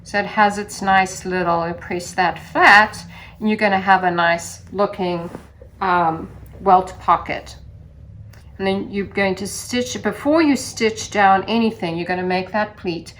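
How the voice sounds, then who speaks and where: Woman, sewing lesson, slow steady pace, sing-song, mid pitch. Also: a little hiss or hum. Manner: gentle, sing-song instructional delivery. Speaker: sewing instructor. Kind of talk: step-by-step sewing demonstration.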